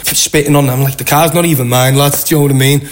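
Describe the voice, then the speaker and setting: A young man with a Liverpool accent, a guest telling a long, animated anecdote with lots of quoted voices. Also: mid-range voice, quick pace. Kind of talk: casual storytelling.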